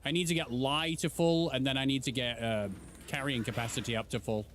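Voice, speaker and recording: A man streaming a game playthrough, talking casually in a joking, excitable way. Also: mid-range voice, fairly quick, a little hiss or hum. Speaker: gaming streamer. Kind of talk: casual let's play commentary.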